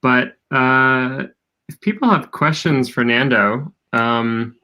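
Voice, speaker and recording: Bright-voiced producer from Argentina. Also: male voice, medium pitch. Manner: rambling, halting. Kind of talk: casual conversation.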